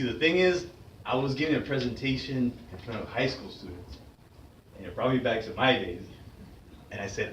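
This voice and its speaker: A man's voice: lowish voice, fairly bright tone. A man giving a motivational speech, telling personal stories in an earnest, conversational way with frequent restarts, recorded in an echoey room with an audience. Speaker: motivational speaker. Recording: echoey room from a distant mic with faint background noise.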